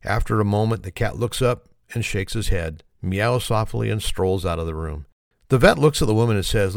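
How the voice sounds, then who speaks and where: A man's voice: on the low side, expressive, normal speed, gravelly, dry recording, studio quality. A man telling corny one-liners and a long shaggy-dog joke, laughing at his own punchlines and apologizing for them. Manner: self-deprecating. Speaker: joke teller.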